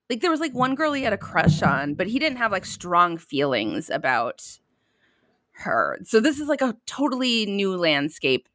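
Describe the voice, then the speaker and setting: A woman hosting a podcast in casual chat, bubbly and quick to laugh. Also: medium pitch, fairly bright tone, no room sound, clean studio sound. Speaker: podcast host.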